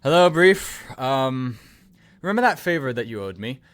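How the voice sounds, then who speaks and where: A man's voice: medium pitch, animated, moderate pace, clear, resonant tone, pitched above the performer's own voice, close to an everyday voice. A man voicing a skinny male elf envoy who speaks politely and a little wearily. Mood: pleading.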